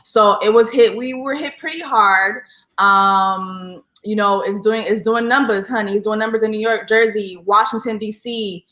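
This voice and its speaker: A woman's voice: medium pitch, fairly even intonation, normal speed, fairly bright tone. Playful woman on a roomy video call. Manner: playful, sings snippets, slangy. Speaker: guest judge. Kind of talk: casual chat. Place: home in New Jersey. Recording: roomy home echo.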